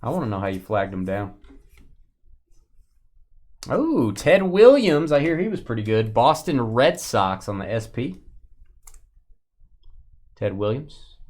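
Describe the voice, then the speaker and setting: A man's voice: mid-range voice, big pitch swings, takes it slowly, long pauses, a little mellow. A man with a Southern US accent hosting a livestream card break, teasing viewers and calling out cards.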